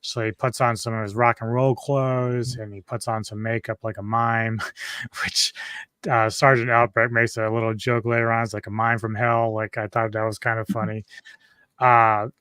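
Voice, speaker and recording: A man's voice: medium pitch, level tone, moderate pace, bright, forceful tone, clear, resonant tone, dry recording. A man hosting a casual film review podcast who recaps the plot in a rambling way, often restarting his sentences.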